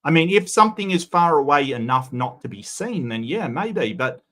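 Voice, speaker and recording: A man hosting casual commentary on a video clip, talking in an incredulous way that jumps up in pitch when he objects. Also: big pitch swings, moderate pace, fairly bright tone. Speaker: commentary host reacting to a clip.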